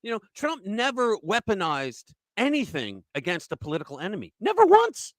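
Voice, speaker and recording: A man's voice: high voice, huge pitch swings, normal speed, no echo. A man hosting a political talk show, ranting profanely and mocking his opponents. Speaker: podcast host. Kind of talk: political commentary rant.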